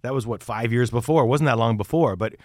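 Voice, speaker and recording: A man's voice: medium pitch, quick pace, a little mellow, dry recording, studio quality. A man hosting a casual chat, reflecting in an easygoing way. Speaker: host.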